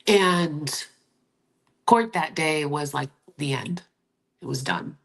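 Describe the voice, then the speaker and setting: A woman with a low, husky voice hosts a candid livestream, speaking straight to her viewers. Her delivery is emotional and confiding, with a gravelly edge. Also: takes it slowly, a bit bright. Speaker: livestream host. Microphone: streaming setup.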